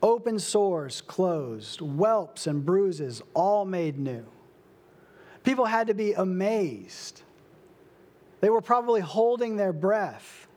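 A young adult man preaching a sermon, slow and emphatic, with dramatic pauses. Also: sits high, big pitch swings, a little mellow. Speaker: pastor.

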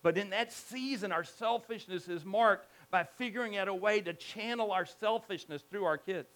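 High-voiced man preaching a sermon. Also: moderate pace. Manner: emphatic, animated preaching with repetitions and restarts. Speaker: pastor.

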